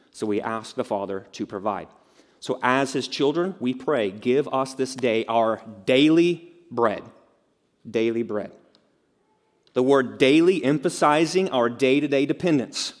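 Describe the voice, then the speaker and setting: A man's voice: medium pitch, measured pace. A man preaching a sermon as pastor, conversational and direct, with rhetorical questions and casual asides. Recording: long reverb of a large hall.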